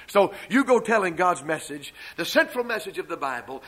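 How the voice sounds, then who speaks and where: An older man preaches from the pulpit. He drops into slow, heavily stressed refrains, then hurries through asides in a fairly high voice. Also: big pitch swings, noisy background. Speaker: pastor. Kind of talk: sermon.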